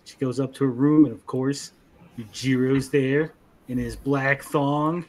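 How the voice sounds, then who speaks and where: A young man co-hosting a casual anime review, animated, acting out character lines in funny voices. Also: mid-range voice, unhurried, slight background noise. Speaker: podcast co-host.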